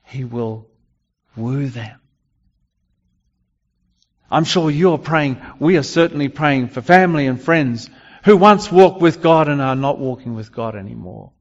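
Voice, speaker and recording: A man preaching a sermon in a halting way, with frequent restarts and fillers. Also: a little high, lively intonation. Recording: dull lo-fi recording with long hall reverb.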